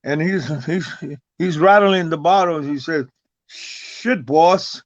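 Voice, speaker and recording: Older guy rambling thru a story, stutters and repeats stuff, kinda high voice, dull dry audio. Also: measured pace, dry recording. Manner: rambling, stumbles and repeats words. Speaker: guest, retired wrestler. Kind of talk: casual storytelling interview.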